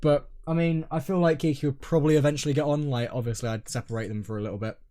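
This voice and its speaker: A man's voice: on the high side, fairly even intonation, racing. Hesitant young man, rambling. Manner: rambling, hesitant, trailing off quietly. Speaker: podcast co-host. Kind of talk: casual chat.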